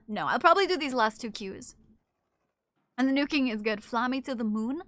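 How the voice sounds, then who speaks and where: A woman streamer chatting casually with her live chat while she plays, often cooing softly to her cat. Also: a little high, expressive, normal speed.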